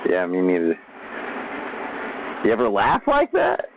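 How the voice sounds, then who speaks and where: A man's voice: lowish voice, wildly swooping pitch, measured pace, gravelly, phone-quality sound, background noise. A man live-streaming alone, rambling and swearing as he entertains himself. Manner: rambling, profane, self-amused. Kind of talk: casual live-stream monologue. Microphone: desk microphone.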